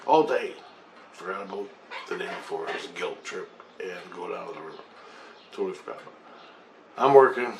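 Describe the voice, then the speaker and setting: Man, low voice, casual profane storyteller, Windsor Ontario accent, roomy echoey room. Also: normal speed, long pauses, fairly bright tone. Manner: rambling, profane, laughs at himself, drops to a mutter. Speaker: storyteller recounting a personal experience. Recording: roomy echo, faint background hum.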